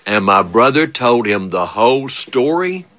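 A man telling a funny childhood story, animated and chuckling often, with big swings of voice. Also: medium pitch, unhurried. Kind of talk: spoken storytelling.

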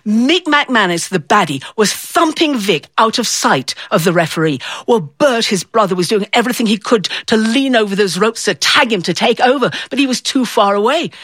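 A woman from the north of England telling a personal story in a playful, expressive way, acting out the voices in it. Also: medium pitch, dry recording.

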